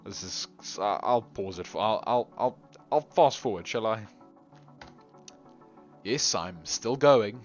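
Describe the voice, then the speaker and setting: A man's voice: lowish voice, expressive, slow pace, pauses often. A man giving casual commentary while he plays a game, chatting, humming little tunes, getting exasperated at the game and laughing at himself. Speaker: gameplay commentator. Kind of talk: casual let's-play commentary. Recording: slightly dull lo-fi recording with faint music.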